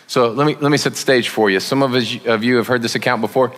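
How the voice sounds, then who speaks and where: A man preaching as a guest speaker, conversational and joking, with sudden loud emphasis. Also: lowish voice, fast. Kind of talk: sermon. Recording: long reverb of a large hall.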